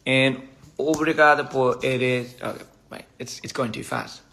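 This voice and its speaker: A man casually chatting on a phone livestream over a meal, halting and repeating words and laughing at his own slips. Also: mid-range voice, steady tone, creaky, noisy background. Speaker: livestream host. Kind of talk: casual livestream chat while eating. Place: indoors at a meal table.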